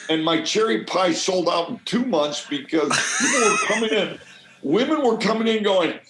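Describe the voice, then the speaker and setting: Man from the midwest, podcast guest, animated swaggering storyteller, fairly high voice, lively pitch, echoey room. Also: normal speed, very noisy. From American Midwest. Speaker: podcast guest, cannabis grower. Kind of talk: casual storytelling.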